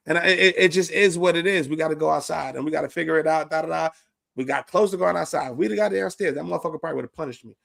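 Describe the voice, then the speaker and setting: A man's voice: a little high, racing, vocal fry, fairly bright tone. A man hosting a podcast, telling a story in a casual, profane way with plenty of laughter.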